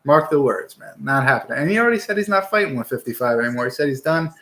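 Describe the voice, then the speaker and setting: A young man hosts a casual fight-picks show. His voice sits at an ordinary middle pitch. He talks bluntly and swears freely, pushing hard opinions in loose, rambling chat. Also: expressive, quick pace, fairly bright tone. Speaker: podcast host giving fight picks.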